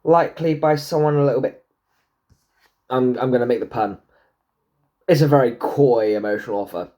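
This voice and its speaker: A man giving a casual tarot reading to camera, swearing freely and joking with himself. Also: normal speed. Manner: chatty, swears freely, jokes to himself, talks back to the universe; lively pitch, swoops high into silly put-on voices. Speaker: tarot and numerology reader.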